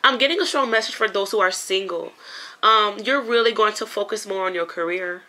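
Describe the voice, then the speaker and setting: Chatty bright-voiced woman tarot reader. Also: mid-range voice, brisk. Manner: chatty, emotional, swears casually, addresses viewers as honey and you guys. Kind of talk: casual spoken tarot reading.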